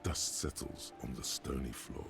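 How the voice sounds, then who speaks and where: A man voicing the grim inner narrator of a detective video game, reading scripted narration in a gravelly tone. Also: very deep voice, unhurried, a bit bright, dry recording, soft background music, full character voice.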